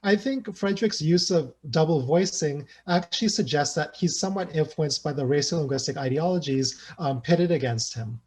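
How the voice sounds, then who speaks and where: A man's voice: on the high side, moderate pace, hardly any pauses, a little mellow, slightly rough. A man giving an academic lecture at an online seminar, thinking aloud and often checking in with "right?" and "you know". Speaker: sociolinguistics researcher presenting a talk.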